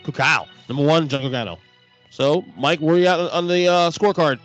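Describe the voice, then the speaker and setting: A man co-hosting a casual podcast, talking quickly with casual swearing and frequent restarts. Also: a little high, a bit bright, faint music behind. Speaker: podcast co-host.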